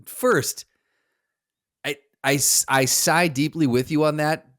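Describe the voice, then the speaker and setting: A man's voice: fairly high pitch, slow, fairly bright tone. A man co-hosting a podcast, chatting casually and asking follow-up questions, often restarting his sentences. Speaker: podcast co-host. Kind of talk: casual chat.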